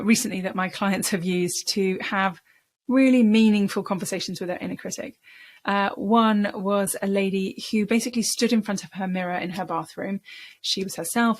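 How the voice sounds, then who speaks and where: Woman coaching in a conversational tone. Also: medium pitch. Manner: conversational, explanatory, with repeated emphasis. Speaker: speaking coach. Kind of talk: talking-head coaching lesson.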